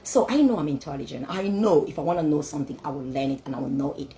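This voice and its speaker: A woman's voice: low voice, expressive, fast, warm tone, slight background noise, rough recording. A woman speaking English as a second language, giving a motivational talk laced with scripture, emphatic and repetitive, full of rhetorical questions. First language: not English.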